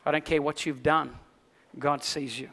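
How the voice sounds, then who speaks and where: Male Australian pastor, high, forceful voice, lively storyteller who softens into earnest preaching. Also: normal speed, vocal fry, in a large hall. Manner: animated storyteller, dropping to a quiet, earnest tone for the message. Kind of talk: sermon with personal storytelling.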